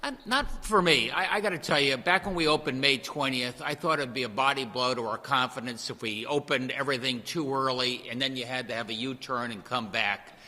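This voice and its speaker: A man, the governor, answering reporters' questions at a press briefing in a measured way with many fillers. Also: medium pitch, pushed and bright, in a large hall. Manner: measured, filler-heavy replies.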